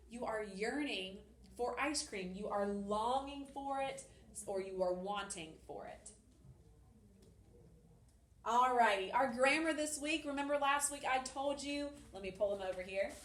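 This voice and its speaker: A woman's voice: fairly high pitch, unhurried, recorded from a distance. A woman teaching a fourth-grade grammar lesson to children, upbeat and encouraging, explaining step by step. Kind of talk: recorded remote lesson for children. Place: empty classroom. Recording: echoey room, voice off-mic.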